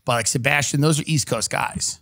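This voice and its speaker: A man's voice: mid-range voice, fairly quick, fairly bright tone. A man in his thirties hosting a podcast, chatting casually and telling stories animatedly, reading text messages aloud with laughter. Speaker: podcast host. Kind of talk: casual comedic chat.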